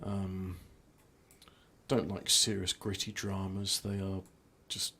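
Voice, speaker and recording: A man's voice: low-pitched, level tone, takes it slowly, sharp tone. A man giving rambling, self-mocking commentary while playing a video game. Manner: self-mocking, trailing off, lots of restarts. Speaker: gameplay streamer.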